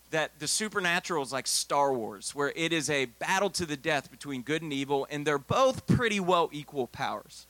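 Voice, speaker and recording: A pastor preaching to his congregation, a man with a high, bright voice. He talks like he is chatting with them, then jumps into loud, emphatic bursts. The sound is close and dry. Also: dry recording. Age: adult, married. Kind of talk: sermon.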